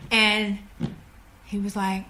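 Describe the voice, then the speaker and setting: Animated woman telling a story. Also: medium pitch, slow, a little hiss or hum. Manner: animated, acts out quoted dialogue. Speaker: podcast guest. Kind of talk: casual storytelling.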